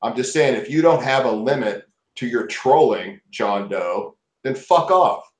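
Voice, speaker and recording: A man arguing heatedly and profanely, shouting others down. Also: medium pitch, lively intonation, a little slow. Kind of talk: heated argument. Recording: echoey room.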